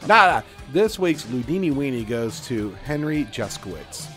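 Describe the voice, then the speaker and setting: A man's voice: medium pitch, sing-song, moderate pace, a bit bright, soft background music. A man co-hosting a radio show, telling a story in a casual chat and laughing along. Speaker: radio co-host.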